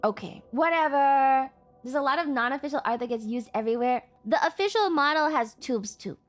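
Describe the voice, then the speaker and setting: High-voiced, profane woman streamer. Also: lively intonation, fairly quick. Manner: profane, exasperated outbursts at chat. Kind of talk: casual livestream chat.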